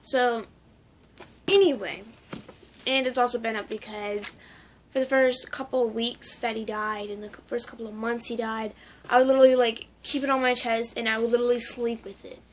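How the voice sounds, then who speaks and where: High-voiced rambling young woman vlogger. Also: little pitch movement, normal speed, slight background noise. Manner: rambling, full of "like" and restarts. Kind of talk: casual memorial vlog.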